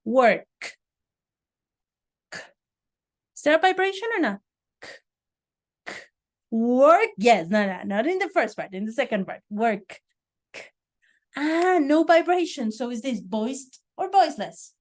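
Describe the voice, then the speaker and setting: A woman's voice: high-pitched, sing-song, moderate pace. A woman teaching English pronunciation in a classroom lesson, drilling single sounds and praising her students as she goes.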